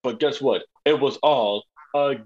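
A man co-hosting a casual sports podcast, joking in quick bursts and cutting in. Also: medium pitch, darkish tone. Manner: joking, rapid bursts, cuts in. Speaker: podcast co-host. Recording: dull lo-fi sound.

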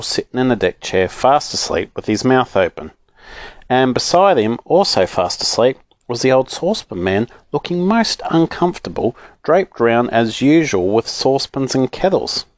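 Expressive man reading a children's story. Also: medium pitch, normal speed, no echo, clean studio sound. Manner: expressive and animated.

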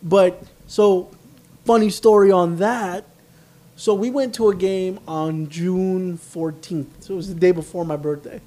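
A man co-hosting a casual podcast, telling lively stories and acting out what people said. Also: high voice, measured pace. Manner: animated storyteller, acts out quotes. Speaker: podcast co-host. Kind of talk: casual chat.

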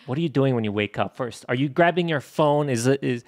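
A man's voice: mid-range voice, expressive, brisk, a little mellow. A man hosting a casual podcast interview, easygoing and hesitant, laughing along with his guest. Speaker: podcast host.

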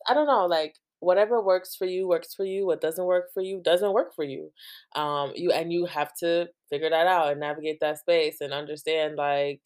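A woman's voice: sits low, a little mellow, clear, resonant tone. A young woman from New Jersey hosting a podcast, chatting casually and rambling, with many "like"s and frequent laughs. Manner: rambling, heavy use of "like", laughs often. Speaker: podcast host. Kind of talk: casual chat.

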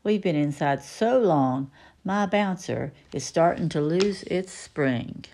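A bouncy, boastful cartoon tiger who teases his friends and booms with excitement, put on by a woman reading a storybook. His voice sits raised and lively, with a gravelly edge. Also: slow. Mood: boisterous. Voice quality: playful teasing.

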